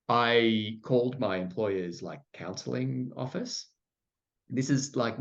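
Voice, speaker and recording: A middle-aged Australian man candidly telling his story in conversation, full of "like" fillers and self-deprecating asides. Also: lowish voice. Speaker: podcast guest. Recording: muffled lo-fi sound.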